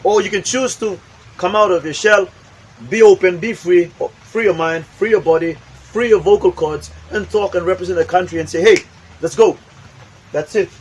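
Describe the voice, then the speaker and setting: In poor-quality audio, a man with a high, husky voice delivers a motivational talk at a moderate pace. He's emphatic and repetitive, acting out demonstrations of his examples as he speaks.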